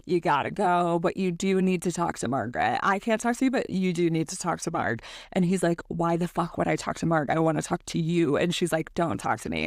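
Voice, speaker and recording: A woman's voice: on the low side, no room sound, studio quality. A woman co-hosting a book podcast, casually recapping the plot and acting out characters' lines with plenty of swearing. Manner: retells scenes with acted-out quotes, swears freely.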